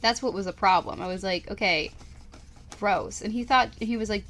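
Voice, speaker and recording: A woman's voice: medium pitch, a little fast. A young woman co-hosting a podcast, telling a story in casual chat with frequent swearing and lots of "like". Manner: profane, animated storytelling. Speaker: podcast co-host.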